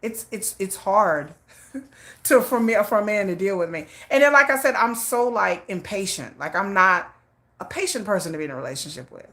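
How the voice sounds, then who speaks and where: A woman host telling a candid personal story on a livestream in a blunt, animated way, laughing often and cursing. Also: medium pitch, moderate pace.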